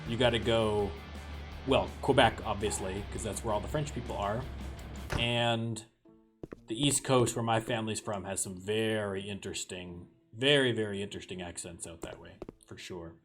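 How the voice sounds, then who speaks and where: A man's voice: lowish voice, moderate pace, a bit bright. A Canadian man with a Canadian accent giving chatty let's play commentary, wandering off on tangents. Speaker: gaming streamer. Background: game music.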